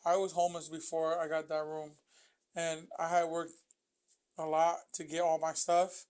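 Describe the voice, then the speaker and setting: Low-voiced young woman, blunt and joking. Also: flat delivery, darkish tone. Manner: quick reactions, blunt joking interjections. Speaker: podcast co-host. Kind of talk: casual chat.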